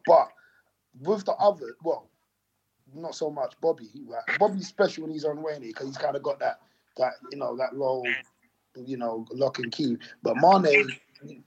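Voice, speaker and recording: A man's voice: on the high side, husky, highs cut off. A young man chatting about football into a phone, rambling and restarting his sentences often. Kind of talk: casual chat about football. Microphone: phone in a holder.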